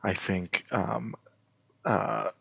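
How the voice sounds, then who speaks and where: A man's voice: fairly low pitch, steady tone, very slow, creaky, fairly bright tone, slightly rough, dry recording. A man hosting a casual podcast chat, talking with enthusiasm and lots of fillers and restarts. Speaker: podcast host.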